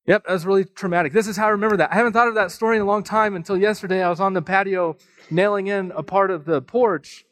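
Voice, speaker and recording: A man pastor preaching a sermon, telling a personal story in a casual, joking, animated way full of asides. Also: high-pitched, quick pace. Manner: conversational storytelling with self-deprecating humor; animated, with frequent fillers and asides.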